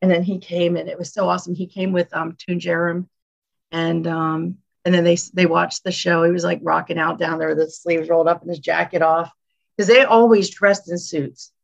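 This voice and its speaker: A woman music executive, a guest on an interview show, telling animated stories and acting out what people said. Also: lowish voice, normal speed, creaky. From northeastern United States. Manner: animated storyteller, acts out quotes. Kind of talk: casual interview chat. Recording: dull lo-fi audio.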